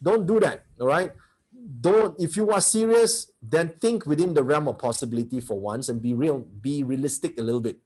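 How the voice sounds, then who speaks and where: A man lecturing a seminar in a somewhat high, husky voice. He is blunt and brash, jabbing at listeners with rhetorical questions as he drives his points home. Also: darkish tone. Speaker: seminar teacher.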